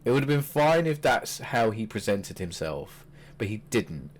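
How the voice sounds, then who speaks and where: A man's voice: fairly low pitch, moderate pace. Chatty man talking wrestling. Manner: chatty, animated, swears freely. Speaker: podcast co-host. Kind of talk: casual wrestling chat.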